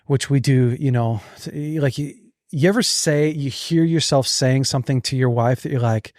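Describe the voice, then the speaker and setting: A man hosting a podcast in casual chat, telling stories and acting out inner thoughts in lively bursts. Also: medium pitch, moderate pace, no room sound, studio quality. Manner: animated, acts out inner thoughts. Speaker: podcast host.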